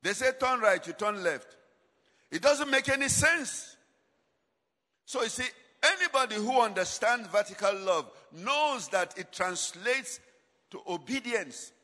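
In a reverberant hall, a man preaches with a high, sharp voice, lively intonation and a measured pace. He asks the congregation to supply the ends of his lines and swings his volume dramatically for emphasis.

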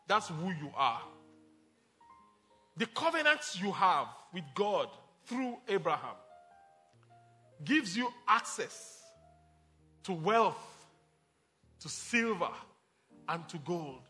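A man's voice: high voice, big pitch swings, takes it slowly, long pauses, bright, forceful tone, soft background music. A man preaching a sermon as pastor, emphatic, calling out to the congregation and mixing in jokes.

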